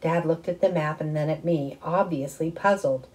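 A woman reading a children's novel aloud with expressive first-person narration. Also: low voice, moderate pace, low-quality recording. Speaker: audiobook reader. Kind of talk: storybook reading.

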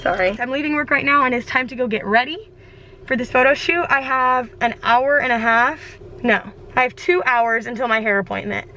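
A young woman vlogging casually on her phone, excitable, rushed and chatty, first in a car and then in a small bathroom. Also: on the high side, slight background noise, low-quality recording. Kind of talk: casual vlog to camera. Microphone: phone held at arm's length.

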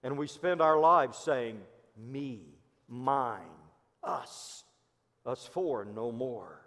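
A Midwestern American pastor with a high, lively voice delivers a sermon at a slow, deliberate pace, moving from loud emphasis to hushed asides. His words ring out in a church sanctuary with a long reverb trailing each phrase. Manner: storytelling preacher, swinging between loud emphasis and hushed asides.

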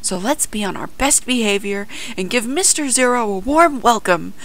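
A woman's voice: mid-range voice, big pitch swings, normal speed, a bit bright. A woman voicing a firm male harbor dispatcher who is kind but blunt and a bit bossy. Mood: warm.

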